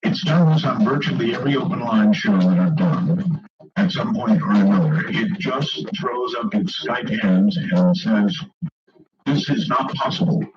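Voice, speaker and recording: A man's voice: lowish voice, expressive, a little slow, highs cut off, crowd noise. A man hosting a late-night call-in radio show, chatty, wry and easily amused. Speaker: radio talk show host.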